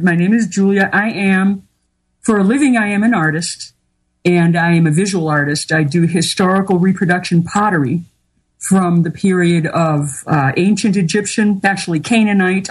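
A woman being interviewed as a guest, talking candidly and at length with many pauses and fillers. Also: fairly low pitch, breathy edge. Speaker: interview guest, artist and healer. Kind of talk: casual interview talk.

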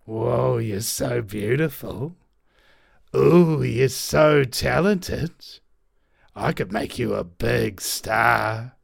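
A man voicing a flattering, smooth-talking male thief who draws out his words. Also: medium pitch, no room sound, clean studio sound, full character voice. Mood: schmoozing. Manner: schmoozing, drawn-out flattery.

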